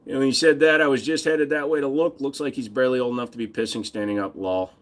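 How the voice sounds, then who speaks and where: A man chats casually on his livestream, talking back to viewers with crude, profane jokes. His voice sits at an ordinary middle pitch. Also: steady tone, quick pace. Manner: crude, profane banter with chat. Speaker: livestream host.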